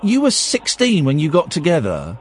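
A man's voice: on the high side, moderate pace, slight background noise. A man in his forties hosting a radio phone-in, joking and teasing the caller as they chat. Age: 40s. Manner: joking, animated, laughs and teases a lot. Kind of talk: casual chat.

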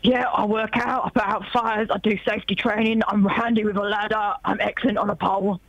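A woman putting on the voice of a cocky, boastful male fireman, with gruff bravado. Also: mid-range voice, little pitch movement, brisk, dry recording, dull audio, close to an everyday voice.

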